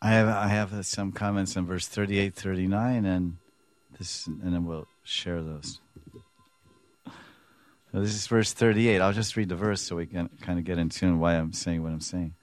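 A low-voiced man delivers an animated scripture commentary and keeps acting out bits of dialogue as he explains. His delivery is lively and storytelling. The recording is dry, with no room echo. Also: moderate pace. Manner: animated storytelling, acts out dialogue, chuckles often. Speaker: spiritual teacher.

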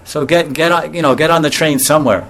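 A man's voice: fairly high pitch, fairly even intonation, fast talker, fairly bright tone, a little hiss or hum. A man teaching as a spiritual teacher in a casual devotional talk, often chuckling, restarting sentences and acting out little scenes in voices. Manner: acts out voices in anecdotes.

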